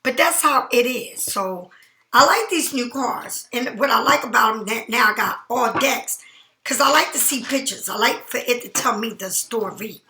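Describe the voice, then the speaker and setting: A woman's voice: on the high side, lively intonation, normal speed, pushed and bright, reverberant, slight background noise. A woman giving a casual tarot reading, emphatic and chatty, often checking in with "right?". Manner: chatty, emphatic, keeps asking "right?" and "all right?". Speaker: tarot card reader.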